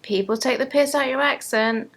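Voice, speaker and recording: A woman co-hosts a loose, tipsy chat and answers with dry, teasing jabs. Her voice sits a little high. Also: normal speed, a bit bright. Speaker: co-host.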